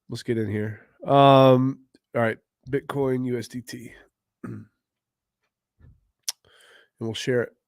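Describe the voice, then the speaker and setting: A man hosting a casual crypto livestream, greeting viewers by name in loose slang and often clearing his throat. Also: mid-range voice, a little mellow, no room sound, clean studio sound. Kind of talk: casual livestream chat, reading viewer comments.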